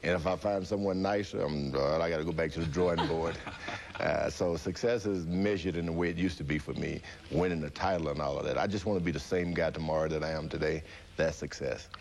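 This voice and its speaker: A man, an interview guest, telling his life story with animated delivery, acting out voices and laughing often. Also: a bass voice, a little fast, gravelly, a little hiss or hum.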